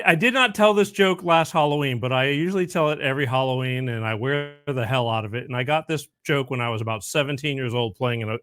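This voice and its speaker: On his podcast, a middle-aged host rambles through casual chat and a joke, often cutting himself off mid-thought. His mid-range voice is fairly bright, captured with clean studio sound and no room ambience.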